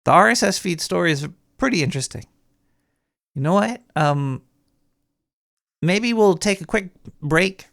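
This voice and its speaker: A jittery, paranoid sewer rat hosting his own late-night call-in show, as a man puts on the voice. His mid-pitched voice is gravelly with a creaky edge, and he rambles and restarts his sentences. The sound is dry and close, with no room around it. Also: lively intonation, unhurried, pauses often, a bit bright, no room sound, exaggerated voice. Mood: rambling. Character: paranoid male cartoon sewer rat host. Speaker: radio show host.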